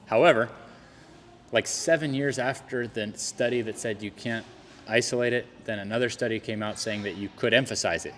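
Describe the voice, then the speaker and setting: A man's voice: mid-range voice, moderate pace, a bit bright, big-room sound, a little hiss or hum. A man speaking as a podcast guest on knee training, earnest and building to heated emphasis in casual conversation.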